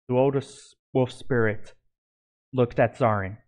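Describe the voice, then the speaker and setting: A man's voice: lowish voice, a little slow. A man reading his own fantasy story aloud, in a plain delivery that often stumbles and restarts.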